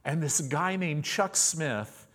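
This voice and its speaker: A man in his fifties preaches through a personal testimony, animated and full of quick restarts. His voice is a touch higher than most men's, and he slips into the voices of the people in his story. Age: 50s.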